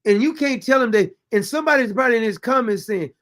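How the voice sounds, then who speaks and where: A man's voice: extremely high pitch, animated, fast talker, few pauses, a bit bright. A man hosting a commentary show, reacting to clips with sarcastic, exasperated mockery and reading viewer comments aloud.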